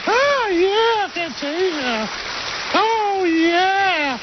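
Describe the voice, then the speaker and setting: A man with a very high voice reading the part of a swooning woman in a hammed-up radio sketch. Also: big pitch swings, extremely slow, noisy background, full character voice. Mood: hammy. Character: swooning adult woman, hammed lovers' scene. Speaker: show regular. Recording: dull radio studio sound.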